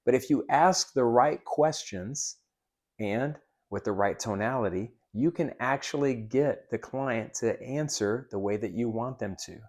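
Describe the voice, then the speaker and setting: A man's voice: medium pitch, unhurried, darkish tone. A man teaching sales greetings in an upbeat, coaching manner, now and then acting out sample lines. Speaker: sales trainer. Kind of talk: instructional talk with role-play demos.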